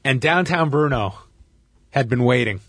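Unhurried and mid-range in pitch, a Canadian man hosts a podcast, recapping events with animated storytelling and frequent laughter in casual conversation. It's a dry, studio-quality recording.

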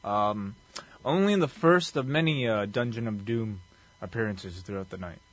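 A man's voice: fairly low pitch, moderate pace. A man co-hosting a casual podcast about wrestling, talking with hesitant restarts. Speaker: podcast co-host.

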